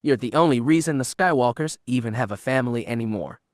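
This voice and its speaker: A man voicing a drunk, gruff middle-aged smuggler who talks loudly in a slurred drawl, read as an audiobook character. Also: medium pitch, fast, no echo, clean studio sound, close to an everyday voice. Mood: vehement.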